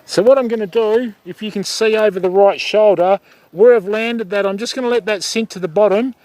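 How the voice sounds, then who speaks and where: Chatty Australian man fishing live. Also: high voice. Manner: chatty, answers viewers by name, calls them mate. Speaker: fishing livestream host. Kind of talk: casual livestream chat while fishing. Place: outdoors by the water.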